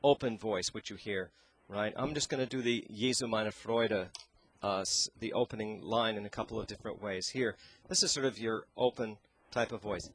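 A man teaching singing as an interview guest, talking in a halting way and searching for his words into a handheld microphone. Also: on the low side, fairly bright tone, husky. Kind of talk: explaining with sung demonstrations.

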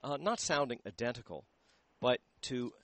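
Guy talking about voice training on a handheld mic, halting, keeps hunting for words. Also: mid-range voice, animated, fairly bright tone, no room sound. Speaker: voice teacher. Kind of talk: explaining and demonstrating singing in a radio interview. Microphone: handheld microphone.

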